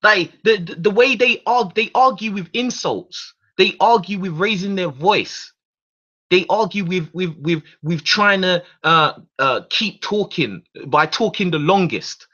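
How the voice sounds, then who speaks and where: A man's voice: sits high, sharp tone. Heated, profane man ranting solo. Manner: heated, profane, repeats and restarts words. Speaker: radio show host. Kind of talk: casual ranting monologue. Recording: dull lo-fi recording.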